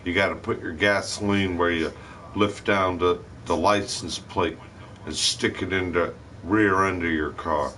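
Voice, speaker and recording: Low-voiced rambling, profane man. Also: steady tone, unhurried, bright, forceful tone, slight background noise. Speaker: live stream host. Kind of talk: casual storytelling.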